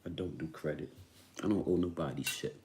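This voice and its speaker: A man's voice: very deep voice, fairly even intonation, brisk, darkish tone, a little hiss or hum. A man talking straight to the camera about his home, emphatic and profane, repeating phrases to drive home each point. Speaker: homeowner vlogger. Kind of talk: casual ranting monologue.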